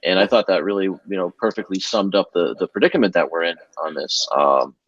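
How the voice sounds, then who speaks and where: A man in a podcast discussion, speaking in a measured way with many fillers, on a dull, dry remote recording. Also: low voice, a bit bright, no echo.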